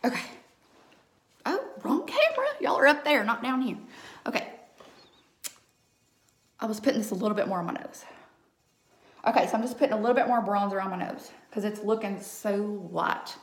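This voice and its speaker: Gal doing her makeup on a live stream, pitch jumping all over, echoey bedroom sound. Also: sing-song, moderate pace, long pauses. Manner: chatty, keeps checking in with "okay?". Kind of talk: live makeup tutorial chat. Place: home room under a ring light. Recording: echoey room.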